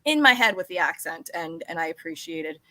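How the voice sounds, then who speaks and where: A woman's voice: fairly low pitch, expressive, a little fast, sharp tone, no echo. A woman co-hosting a podcast, joking and chatty in casual conversation. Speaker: podcast co-host.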